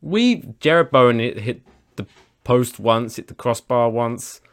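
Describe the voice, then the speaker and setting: A man from England co-hosting a podcast, calmly teasing and upbeat about his football team. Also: mid-range voice, a little slow, clean tone. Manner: teasing, calmly optimistic, enjoys his friend's frustration. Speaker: podcast co-host. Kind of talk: casual podcast chat.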